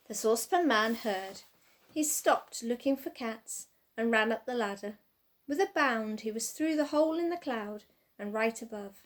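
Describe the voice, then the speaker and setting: A woman reading a children's storybook aloud with expressive, sing-song narration. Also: a little high, normal speed.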